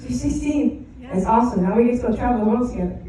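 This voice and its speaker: A woman's voice: on the high side, quick pace, heavy background noise. A young woman giving a casual, gushing toast, full of slang and laughter. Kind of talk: casual heartfelt party toast. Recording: echoey hall, far mic, crowd.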